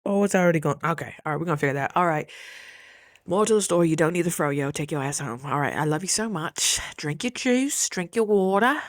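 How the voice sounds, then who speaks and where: A woman talking casually to her camera, chatty and affectionate, calling her viewers baby and jumping up high when she quotes people. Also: quick pace, no room sound, clean studio sound. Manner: lively, jumps high for quoted voices. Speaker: vlogger.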